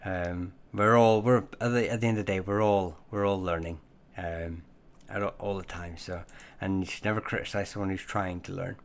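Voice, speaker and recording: A man's voice: low-pitched, fairly even intonation, moderate pace, hardly any pauses. A man hosting a casual live Q&A stream on surnames and heraldry, talking in a hesitant way full of ums and self-corrections. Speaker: livestream host answering viewer questions on Irish surnames.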